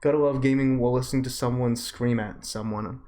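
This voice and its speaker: A man's voice: steady tone, a little fast, mellow. Profane, blunt young man coaching. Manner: blunt, profane, bursts into high-pitched laughter. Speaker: coach reviewing gameplay. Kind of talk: casual live-stream commentary.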